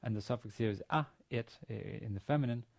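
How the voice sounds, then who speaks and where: His voice is mid-range and darkish, and he speaks at a quick pace. A university lecturer, he teaches Biblical Hebrew by methodically reading sentences aloud in Hebrew, translating them, and explaining the grammar step by step.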